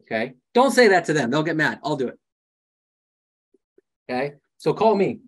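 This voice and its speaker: A man coaching a live group of real estate agents in a lively, joking way, often acting out conversations. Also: on the high side, normal speed, pauses often, breathy edge. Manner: animated, jokey, acts out conversations.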